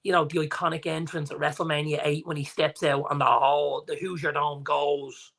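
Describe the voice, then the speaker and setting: An Irish man in his forties, chatting as a podcast co-host. His voice sits a little high, and he tells stories with energy, playing out the lines of the people he quotes. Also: a little fast, vocal fry. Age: 40s. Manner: animated storyteller, acts out quotes. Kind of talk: casual chat.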